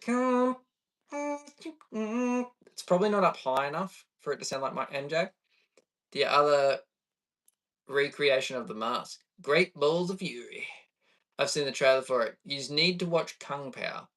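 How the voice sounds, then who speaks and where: A man's voice: mid-range voice, moderate pace, a bit bright, far from the mic. A man chatting casually on a live stream, reacting to chat and laughing easily. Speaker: livestreamer.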